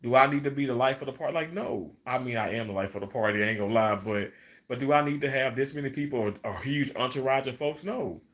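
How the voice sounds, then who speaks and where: A man's voice: medium pitch, quick pace, fairly bright tone. A man, hosting a live stream in casual, rambling chat, repeating his words and reading viewer comments.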